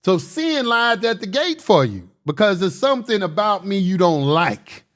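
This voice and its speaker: A man's voice: high-pitched, very animated, normal speed, fairly bright tone. A man hosting a casual livestream, lecturing his chat in a combative, boastful, slangy way and repeating phrases for emphasis. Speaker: livestream host answering chat.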